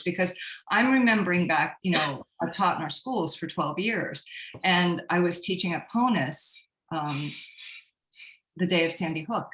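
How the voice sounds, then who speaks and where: A woman on the city council speaking at a public meeting, emotional and halting, with many restarts. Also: on the low side, fairly bright tone, echoey room, rough recording.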